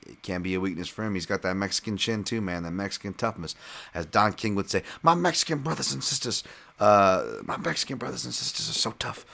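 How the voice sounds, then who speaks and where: A man's voice: deep voice, a bit bright. A man hosting a podcast, giving a casual, digressive and sometimes profane fight breakdown. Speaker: podcast host, fight analyst.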